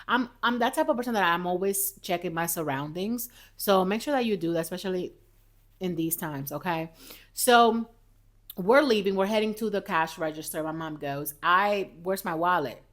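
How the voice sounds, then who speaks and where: A woman hosting a casual motivational podcast. She is chatty and lively, talks straight to her viewers and sips coffee as she goes. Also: fairly low pitch, moderate pace. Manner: sips coffee while talking. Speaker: podcast host.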